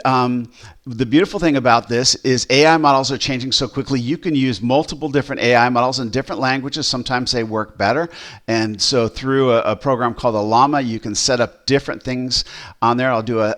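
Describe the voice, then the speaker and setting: A man who pastors, casually walking through a software demo, rambling with fillers and restarts. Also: mid-range voice.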